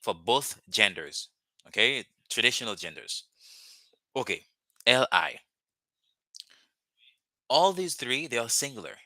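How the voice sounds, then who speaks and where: A man's voice: medium pitch, animated, unhurried, gravelly, pauses often, sharp tone, no echo. A man, a Creole speaker, teaching a live online language lesson over a video call and patiently repeating words for drilling. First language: Haitian Creole.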